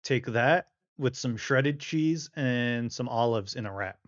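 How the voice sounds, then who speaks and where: A man in his thirties chats casually on a podcast at an ordinary pitch. He jokes about himself and laughs a lot. His voice sounds a little dull and muffled, in a dry space. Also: takes it slowly, no echo. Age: 30s. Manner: laughs often, joking and self-mocking. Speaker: podcast co-host. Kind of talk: casual chat.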